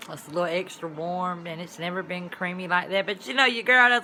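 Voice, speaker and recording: A woman vlogger telling a story in a casual, colloquial way, with sudden loud exclamations. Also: lowish voice, fairly even intonation, a little fast.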